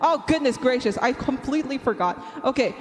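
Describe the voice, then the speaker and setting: A woman's voice: high voice, animated, fairly quick, heavy background noise. A young woman art streamer chatting casually and cheerfully with her viewers, counting aloud as she draws and giggling often. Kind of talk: casual live-stream chat. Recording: long reverb, faint background music.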